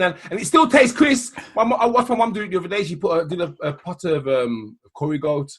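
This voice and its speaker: A man on a podcast, trading animated, laughing banter with the host. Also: fairly high pitch, fast, hardly any pauses, breathy edge. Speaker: podcast regular. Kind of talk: casual chat.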